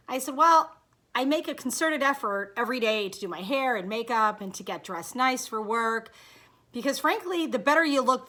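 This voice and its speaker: A middle-aged woman telling a personal story to camera in a casual, animated way, acting out the dialogue. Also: a little high. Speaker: vlogger sharing her experience.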